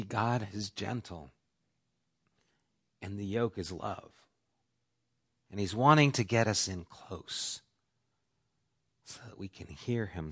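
A man with a low-set voice preaches a sermon, the kind a pastor gives to his congregation. He is middle-aged and shifts his volume a lot, pushing some phrases out strongly and dropping others almost to a whisper. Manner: varies volume, dropping to soft whispers for emphasis.

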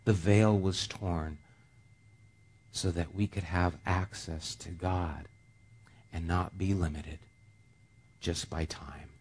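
A middle-aged pastor preaching a sermon, moving between quiet, slow passages and raised, emphatic ones, with casual fillers in his stories. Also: low voice, steady tone, breathy edge. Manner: storytelling asides with casual fillers. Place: church sanctuary.

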